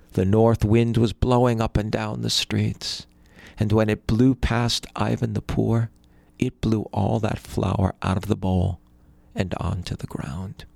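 Man telling a folk tale, gravelly, close and dry, animated. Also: fairly low pitch, no room sound. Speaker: storyteller. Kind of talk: folktale storytelling.

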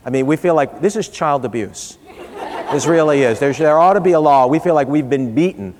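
A middle-aged man speaks briskly in a fairly high voice with a darkish tone. Addressing an audience as a public speaker, he tells an amusing family tale in a conversational manner and imitates the people he quotes, all echoing with the long reverb of a large hall.

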